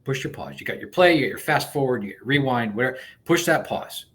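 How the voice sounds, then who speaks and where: A man being interviewed as a coach, explaining a technique step by step in an animated way, with frequent restarts. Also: medium pitch, fast. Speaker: guest coach. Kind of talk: conversational interview.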